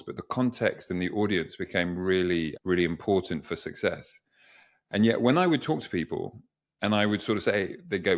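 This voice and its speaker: A man, a communication coach, answering interview questions in a reflective, storytelling way with lots of examples. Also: fairly low pitch.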